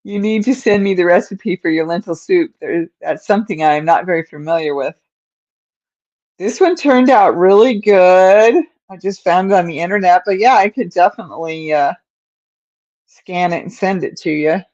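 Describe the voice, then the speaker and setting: A woman's voice: lowish voice, normal speed, a little mellow, highs cut off. A woman hosting a casual crochet livestream from home, chatting and answering viewer comments, with a stuffed-up nose. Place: at home in front of a camera.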